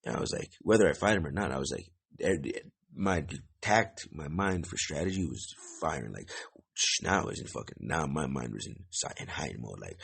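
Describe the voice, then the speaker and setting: Gravelly deep-voiced man telling a story. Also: animated, normal speed, fairly bright tone. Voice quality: gravelly, husky low voice. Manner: rambling, profane, many "like" fillers. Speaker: podcast host. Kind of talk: casual storytelling monologue.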